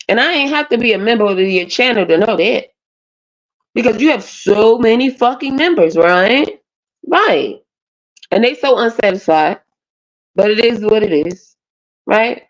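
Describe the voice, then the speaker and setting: A woman, ranting bluntly and profanely as a panelist on a live stream. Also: medium pitch. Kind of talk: casual rant on a live panel. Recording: dull lo-fi stream audio.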